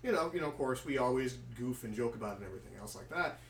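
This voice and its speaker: A man's voice: medium pitch, animated, very fast, fairly bright tone. A man hosting a family podcast, asking his mother questions in a rambling way with many fillers. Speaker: podcast host. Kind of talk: casual family chat. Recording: roomy and distant with faint noise.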